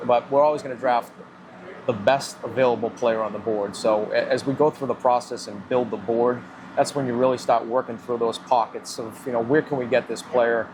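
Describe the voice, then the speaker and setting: A man with a Boston accent, a football general manager answering interview questions in a measured, businesslike way, with many "you know" fillers. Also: mid-range voice, steady tone, noisy background. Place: live remote broadcast at a football event.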